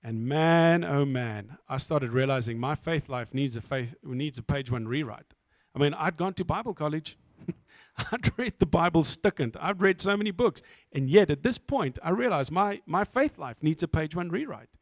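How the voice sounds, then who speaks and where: A man's voice: on the high side, lively intonation, moderate pace, no room sound, clean studio sound. A middle-aged man from South Africa with a South African accent, giving a candid, self-mocking testimony talk as a guest speaker.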